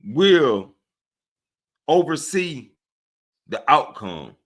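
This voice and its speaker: A man with a Southern US accent hosting a casual livestream, speaking to his viewers in an animated, preachy way and often checking in with them. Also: on the high side, drawn-out words. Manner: animated and preachy, often asks "right?" of listeners. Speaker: livestream host. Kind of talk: casual livestream talk to chat.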